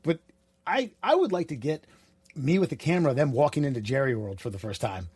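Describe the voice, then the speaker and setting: A man co-hosting a podcast, talking in loose, profane, rambling chat that keeps leaping up in excitement. His pitch sits in the middle for a man. The sound is dry and close, with no room around it. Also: fairly quick, breathy edge, no echo. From United States. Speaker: podcast co-host. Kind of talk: casual chat.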